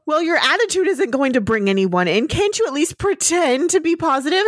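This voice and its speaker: Brief: earnest young cartoon pony chef, polite, lively pitch, read by a woman, dry sound. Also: a little fast, dry recording. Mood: exasperated. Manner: polite and eager.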